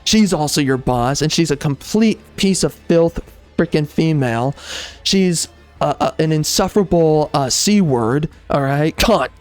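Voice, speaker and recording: A man's voice: fairly high pitch, lively intonation, measured pace, darkish tone, soft background music. A man giving a ranting video game review, exasperated and emphatic, repeating himself and tossing in slang and fillers. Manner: frequent filler words and restarts, casual slang.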